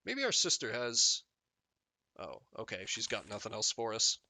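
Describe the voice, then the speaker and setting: A man's voice: lowish voice, moderate pace. A man streaming a text game live, reading the story aloud and joking about it. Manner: jokey, animated, reads game text and riffs on it.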